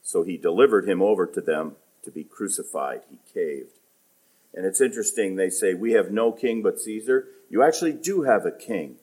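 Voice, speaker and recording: A man preaching a sermon, reading scripture aloud and explaining it, swinging from loud emphasis to quiet, low delivery. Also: expressive, moderate pace, husky.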